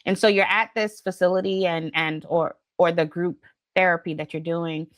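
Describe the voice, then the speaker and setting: A woman host with a fairly low voice speaks earnestly and reflectively, circling her points with fillers. The recording is dry and close. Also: fairly even intonation, normal speed, no room sound. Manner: reflective, earnest, explains at length with many fillers. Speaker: podcast host. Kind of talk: conversational interview.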